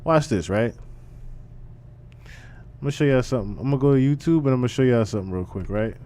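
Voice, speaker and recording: A man's voice: medium pitch, animated, brisk, mellow. A man hosting a live stream, commenting casually on a clip in a loose, emphatic way that repeats phrases.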